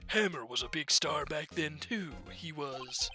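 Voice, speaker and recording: A rambling, scolding old woman guard, put on by a man reading a game aloud. The voice pitches high and swoops about. It has a tense, bright edge. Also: lively intonation, a little slow, faint music behind, full character voice. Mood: gossiping. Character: grumpy gossipy old woman studio guard. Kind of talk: fan voicing a game aloud.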